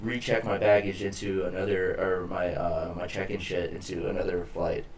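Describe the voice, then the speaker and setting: Lively, cursing man spinning a story. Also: deep voice, normal speed, a little hiss or hum. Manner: animated storyteller, swears freely, acts out quoted people. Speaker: podcast co-host. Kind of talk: casual chat.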